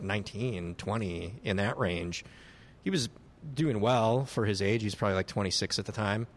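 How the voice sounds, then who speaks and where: A man in his late thirties telling a swearing, animated story in casual chat, acting out the people he quotes. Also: fairly low pitch. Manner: animated anecdote teller, swears freely, acts out shouted quotes.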